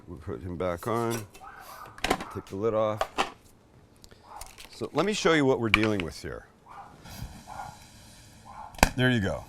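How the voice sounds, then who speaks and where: A man's voice: mid-range voice, noisy background. Male cooking host, casual and self-mocking, slightly distant mic pickup. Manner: jokey, chatty, self-deprecating. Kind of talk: live cooking demonstration.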